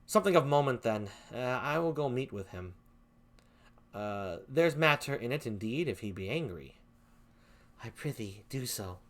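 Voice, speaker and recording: Amateur reading: a man doing Iago, scheming ensign, natural voice, lively pitch. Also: normal speed. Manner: plain reading voice, reads stage directions. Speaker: streamer and reader, also Iago in his regular voice. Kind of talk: amateur Shakespeare play reading.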